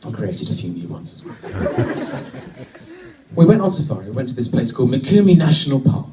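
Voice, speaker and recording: A man from Britain doing a stand-up routine, telling a wry story with sudden excited bursts. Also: medium pitch, a little fast, recorded from a distance, background noise. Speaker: stand-up comedian. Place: comedy venue with a live audience. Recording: echoey venue, mic from afar.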